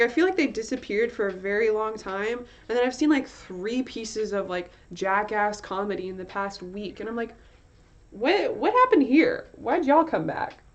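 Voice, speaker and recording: A young woman with a medium-pitched, slightly mellow voice streams while working, chatting casually with her viewers. She rambles, giggles and swears now and then. The stream audio is slightly dull and lo-fi, with faint music in the background.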